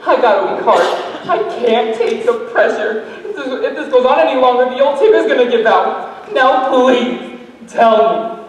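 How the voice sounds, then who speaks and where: A man's voice: extremely high pitch, normal speed. A teenage boy in a school stage musical, playing a frantic, fussy stage producer who sounds exasperated. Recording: echoey hall from far off, faint noise.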